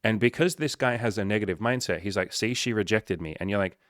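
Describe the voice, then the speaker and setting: Blunt, swearing dating coach. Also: male voice, lowish voice, quick pace, hardly any pauses, fairly bright tone, dry recording, studio quality. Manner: blunt, swears often, acts out little dialogues. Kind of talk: casual motivational talk.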